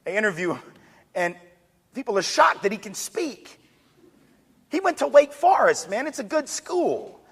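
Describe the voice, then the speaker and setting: A man giving an energetic public lecture with joking asides. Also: very high-pitched, measured pace, gravelly, long pauses, breathy edge. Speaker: speaker on diversity. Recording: long hall reverb.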